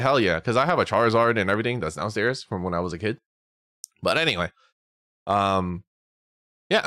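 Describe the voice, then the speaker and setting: A young man chats on his stream in a loose, heated rant, swearing freely and slipping into little voices for the people he quotes. His pitch swings widely as he talks. The sound is dry and close, with no room in it. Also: dry recording. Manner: animated ranting, swearing, acting out quotes. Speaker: VTuber streamer. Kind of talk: casual chat stream.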